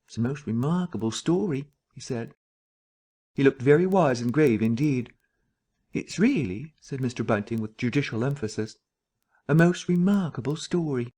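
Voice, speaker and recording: A man's voice: medium pitch, moderate pace, a little mellow, lightly acted. A man voicing a grave, self-important village vicar who speaks with weighty, judicial emphasis.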